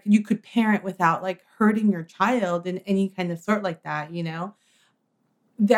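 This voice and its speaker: Woman, mid-range voice, casual rambling talk. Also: mid-range voice. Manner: rambling, frequent "like" and "you know". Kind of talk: casual chat.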